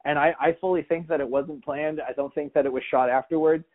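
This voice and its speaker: A man's voice: a little high, fairly even intonation, fairly quick. A man hosting a podcast, chatting casually and telling stories with lots of restarts and quoted back-and-forth. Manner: rambling storyteller, many restarts and quoted voices. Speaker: podcast host. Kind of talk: casual chat. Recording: tinny phone-like sound.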